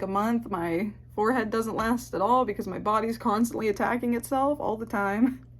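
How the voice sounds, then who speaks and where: A young woman telling a personal story to camera, candid and halting, swearing often and holding back tears. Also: on the high side. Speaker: ASMR channel host. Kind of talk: emotional personal confession to camera.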